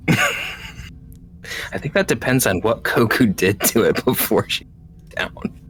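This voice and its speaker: A man's voice: on the low side, animated, slow pace, fairly bright tone, a little hiss or hum. A man playing a tabletop game, musing and thinking aloud. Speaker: player.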